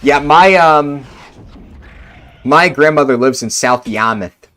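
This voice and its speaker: A man's voice: fairly high pitch, slow, a bit bright. A young man from New Jersey streaming a game, chatting casually with his viewers in a rambling, laid-back way full of fillers. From Central New Jersey. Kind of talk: casual chat answering live chat.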